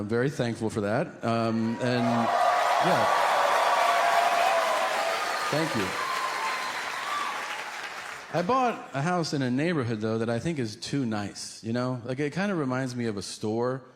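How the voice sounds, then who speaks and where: Man, stand-up comedian, animated, profane, lively pitch, noisy stage recording. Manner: animated, profane, deadpan asides. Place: stage before a live audience.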